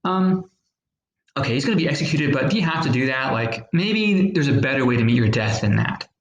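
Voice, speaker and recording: A man talks students through a recorded history lesson at a middle pitch. He explains patiently with fillers and acts out small examples. The room around him is echoey, with a faint hiss behind. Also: lively intonation, brisk, dull audio. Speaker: teacher.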